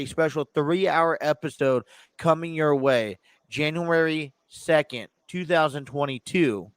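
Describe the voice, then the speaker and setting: A man's voice: a little high, a little slow, clean tone, no echo. A man hosting his own sports talk podcast from a home studio, chatting casually with many fillers and restarts, a bit stuffy. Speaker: podcast host. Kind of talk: casual chat.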